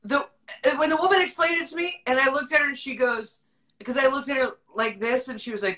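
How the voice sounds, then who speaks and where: Bright, candid woman who laughs often. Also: high-pitched, fast, low-quality recording. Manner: acts out quoted people in her story. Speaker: podcast host. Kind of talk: casual storytelling from a livestream.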